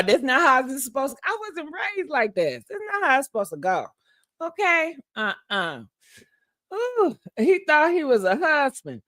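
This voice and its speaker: A woman's voice: sits high, big pitch swings, unhurried, a bit bright, no room sound, clean studio sound. A woman vlogger casually telling a personal story to her viewers, frank and profane, laughing often.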